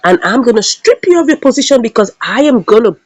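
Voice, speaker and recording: Woman doing a combative powerful woman, husky, animated pitch, dry sound. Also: fast talker, no echo. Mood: defiant. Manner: defiant, combative. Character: defiant powerful woman, bold and scheming.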